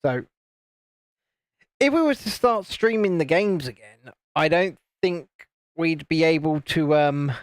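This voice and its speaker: Here the same kind of British LEGO streamer chats casually, mocking his friends in raised voices and reading out what viewers write. His delivery is animated but slow-paced, and the recording is dry.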